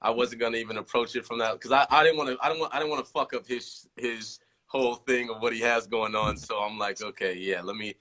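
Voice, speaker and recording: Bright-voiced man telling a rambling story. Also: mid-range voice, quick pace. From California. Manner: rambling, restarts a lot, animated storytelling with quoted lines. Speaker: rapper talking on a livestream. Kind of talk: casual livestream chat.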